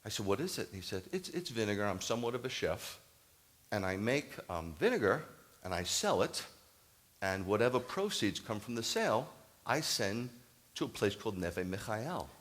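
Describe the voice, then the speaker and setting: Male rabbi, lower voice, lively storytelling sermon, voices the other people in the story, builds to emphatic preaching. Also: normal speed. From United States. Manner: animated, acts out quoted dialogue, rises to emphatic preaching. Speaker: Messianic rabbi. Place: congregation hall, addressing a live audience.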